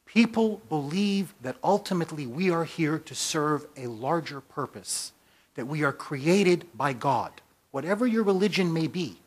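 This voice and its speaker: A man speaking at a conference with a slightly high, husky voice. He tells a story to the audience in an emphatic way, stacking points into forceful repeated lists. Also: lively intonation, measured pace. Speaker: magazine editor giving a talk. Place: conference hall.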